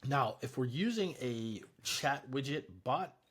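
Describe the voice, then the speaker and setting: Husky-voiced man walking through software. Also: mid-range voice, expressive, measured pace. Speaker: software tutorial presenter. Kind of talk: casual screen-recorded tutorial.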